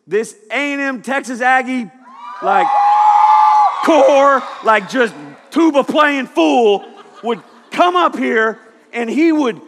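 A man preaching a lively, jokey youth sermon to a room of students. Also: very high-pitched. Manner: animated, jokey, shouting at times. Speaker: youth pastor. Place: church hall with audience. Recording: echoey hall.

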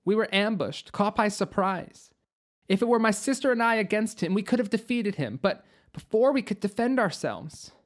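A narrator voicing a guarded young female witch who speaks softly and pointedly. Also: mid-range voice, expressive, moderate pace, pitched above the performer's own voice, lightly acted. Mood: somber.

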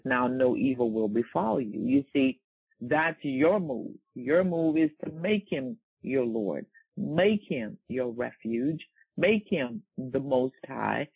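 A man preaches a sermon in call-and-response style, repeating his phrases and drawing answers from the congregation. His voice is gravelly and a bit husky. It comes through a thin, phone-like recording. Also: mid-range voice, lively intonation, slow. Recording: tinny, phone-like sound.

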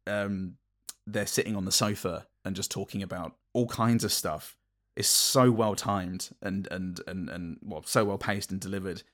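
A man with a somewhat low voice co-hosts a film podcast. He picks over scenes with frequent stops and restarts and a dry sense of humour. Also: fairly even intonation, moderate pace, a bit bright. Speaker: podcast co-host. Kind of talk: casual film review chat.

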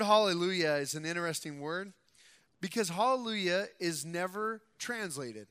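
Bright-voiced man preaching in a reverberant hall. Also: sits high, animated, normal speed, clean tone. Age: young adult. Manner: conversational preaching, rising loud for scripture reading. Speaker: pastor. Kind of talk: sermon. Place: church sanctuary.

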